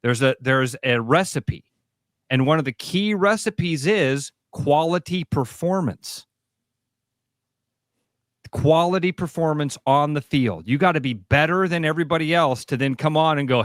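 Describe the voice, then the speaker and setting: A man's voice: a little high, unhurried, no room sound, studio quality. A man with a Midwestern American accent, co-hosting sports radio and making his points in emphatic, repetitive riffs. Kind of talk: opinionated sports talk. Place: radio studio.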